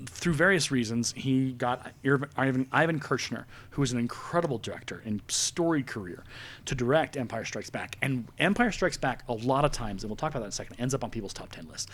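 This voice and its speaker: A man in his forties hosting a podcast, chatting casually in an animated, jokey, rambling way. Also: mid-range voice, fairly quick. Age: 40s. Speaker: podcast host. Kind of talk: casual chat.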